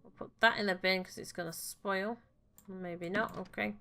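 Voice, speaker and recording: A woman's voice: mid-range voice, fairly even intonation, moderate pace, gravelly, slight background noise. A woman, casually commenting on a life-sim game and cooing at the characters as she plays. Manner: coos and fusses gently at the game characters. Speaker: gaming channel host. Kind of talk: casual let's-play commentary.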